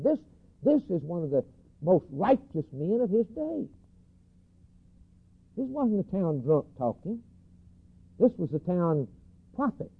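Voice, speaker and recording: Husky preacher man, tinny recording. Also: high voice, sing-song, a little slow, long pauses. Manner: emphatic, repeats key phrases, swings between loud and hushed. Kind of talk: sermon.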